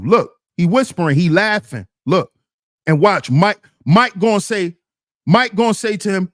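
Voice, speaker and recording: A man's voice: high voice, animated, a little slow, dry recording, studio quality. A man giving emphatic, repetitive reaction commentary on a clip, speaking to his chat.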